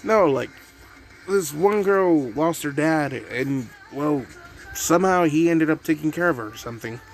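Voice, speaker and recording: A man's voice: on the high side, animated, unhurried, soft background music. A man voicing a hot-tempered teenage girl hero who stammers and swears at herself. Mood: awkward.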